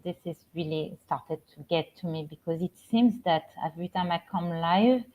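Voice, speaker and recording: A middle-aged woman with a French accent, a spiritual coach hosting a casual live stream from home, talking gently with many halting restarts. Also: fairly low pitch. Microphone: computer or phone camera on a live stream. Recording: slightly dull lo-fi stream audio.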